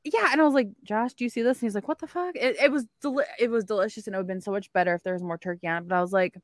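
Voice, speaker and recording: A woman co-hosting a podcast, telling an animated story in casual chat and acting out the people in it. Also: medium pitch, racing, no echo, clean studio sound. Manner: animated anecdote-telling with quoted voices. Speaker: podcast co-host.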